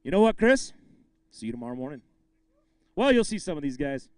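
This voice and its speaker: A man's voice: fairly high pitch, very animated, a little fast, no echo. A man emceeing a live fishing tournament weigh-in, bantering with anglers and calling out the weights with bursts of hype.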